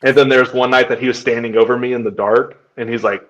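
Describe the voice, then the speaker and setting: A man's voice: medium pitch, fairly even intonation, fast talker, poor audio. A young man, a podcast co-host, chatting casually and telling family stories, acting out his son's lines. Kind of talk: casual chat.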